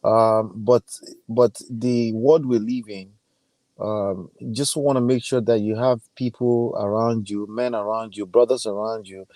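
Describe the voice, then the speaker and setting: A man with a Nigerian accent, a guest on a live stream, giving earnest advice in a halting way. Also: fairly low pitch, fairly even intonation, a little mellow, no room sound. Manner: hesitant, with many fillers and restarts, earnest advice. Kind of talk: casual live-stream chat.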